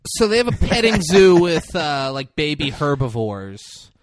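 A man casually recapping a movie plot, swearing freely and rattling through the scenes with quick quoted asides. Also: on the high side, no room sound, clean studio sound. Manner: profane, animated retelling with quick quoted asides.

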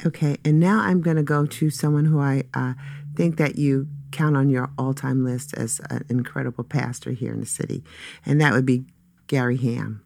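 A man's voice: medium pitch, steady tone, normal speed, vocal fry, darkish tone. A man hosting a casual interview, giving brief, affirming remarks and moving to the next topic. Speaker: interviewer host.

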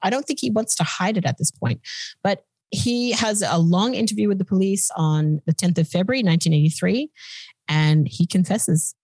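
Low-voiced woman telling a crime story. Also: moderate pace, darkish tone, breathy edge, dry recording. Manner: chatty, blunt, swears casually. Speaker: podcast host. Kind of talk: casual true-crime storytelling.

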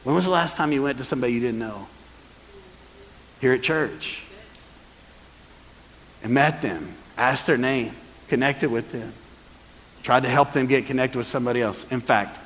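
Lively bright-voiced male pastor preaching. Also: medium pitch, moderate pace, long pauses, in a large hall, a little hiss or hum, low-quality recording. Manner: lively, calls for congregation responses. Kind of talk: sermon. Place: church hall.

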